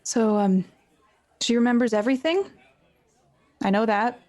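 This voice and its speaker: A woman's voice: fairly high pitch, expressive, measured pace, darkish tone. A woman playing a tabletop game, speaking in a hesitant, filler-heavy way. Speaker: player. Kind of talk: casual tabletop game talk.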